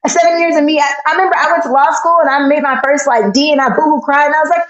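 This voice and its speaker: A woman in her thirties, chatting as a guest and telling stories in an animated way, acting out the voices in her tales. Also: high-pitched, very fast. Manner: animated storyteller, acts out voices in her tale. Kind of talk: casual chat. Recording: echoey, dull lo-fi sound.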